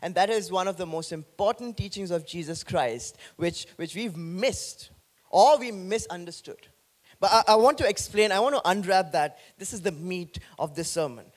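High-voiced man preaching a sermon. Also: moderate pace. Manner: animated, joking with the congregation. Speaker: pastor.

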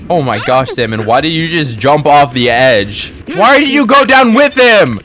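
Brief: young male gamer, high voice that leaps all over, playful trash talk, music underneath. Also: moderate pace, crowd noise. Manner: playful, trash-talking, excitable. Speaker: gaming video host. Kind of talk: casual gameplay chat with friends.

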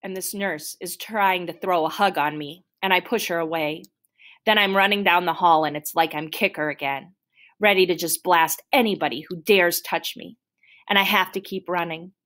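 A woman reading a novel aloud in first person with a steady, plain storytelling manner. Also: lowish voice, moderate pace. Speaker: audiobook reader.

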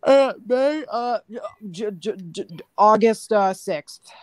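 A casual voice-chat talker who rambles and hesitates and fills pauses with ums and uhs. Medium pitch, close and dry sound. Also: clean tone, dry recording. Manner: rambling, hesitant with many fillers.

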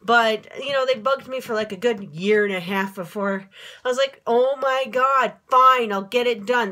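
A woman's voice: mid-range voice, fairly bright tone. A middle-aged woman from Minnesota, venting in a rambling, swearing vlog with lots of fillers and self-corrections, filmed on a handheld camera without a tripod. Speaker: vlogger. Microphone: handheld phone camera, no tripod.

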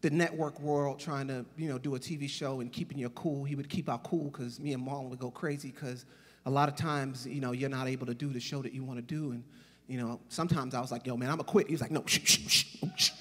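A man's voice: mid-range voice, fast talker. A man in his forties giving a casual, laughing comic eulogy at a memorial service. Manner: casual, laughing, animated storytelling. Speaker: eulogy speaker. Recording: reverberant hall, husky voice.

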